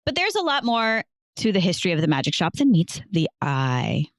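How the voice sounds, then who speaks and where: A woman's voice: lowish voice, huge pitch swings, brisk, no echo, studio quality. A woman hosting a casual podcast, playfully telling a history story to her co-host and laughing easily.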